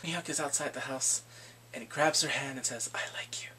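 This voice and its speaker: A man giving a casual recap of drama episodes. He talks in an animated way, acts out the characters and laughs often. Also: mid-range voice, normal speed, very noisy. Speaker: drama reviewer.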